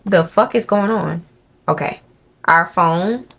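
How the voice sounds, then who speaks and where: A young woman doing profane, excitable let's play commentary, talking to her viewers as she plays. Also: fairly low pitch, takes it slowly, gravelly, background noise. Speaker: gaming creator. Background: game music.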